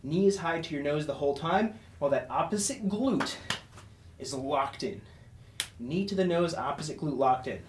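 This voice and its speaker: A man's voice: fairly high pitch, lively intonation, normal speed, reverberant, distant mic, background noise. Breathless man coaching a workout. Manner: encouraging, short spoken cues. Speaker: fitness instructor. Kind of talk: follow-along workout coaching.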